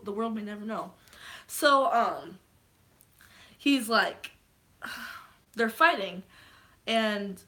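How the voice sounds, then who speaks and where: Bright, excitable young woman vlogger. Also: a little high. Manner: rambling, swears freely, bursts into shouts. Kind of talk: excited movie recap on a live stream.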